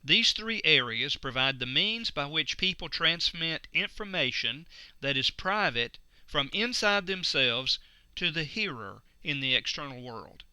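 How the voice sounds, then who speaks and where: Male instructor, very bright and crisp, dry close recording, measured lecture delivery. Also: a little high, animated, no room sound. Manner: slow, deliberate emphasis on key words.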